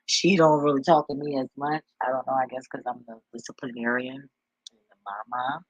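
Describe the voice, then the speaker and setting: A man's voice: mid-range voice, husky, no room sound, highs cut off. A man talking casually in a vlog, rambling and profane as he tells stories and laughs along the way. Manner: loose, profane, laughing storyteller. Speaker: vlogger and delivery driver.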